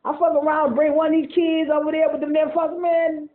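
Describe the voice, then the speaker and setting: A man with a notably high voice vents in a loose, profane monologue. He rambles, circles back and repeats words as he talks. The sound is thin and tinny, like a phone line. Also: flat delivery, brisk. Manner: profane, rambling, repeats himself, laughs often. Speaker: vlogger. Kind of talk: casual monologue rant.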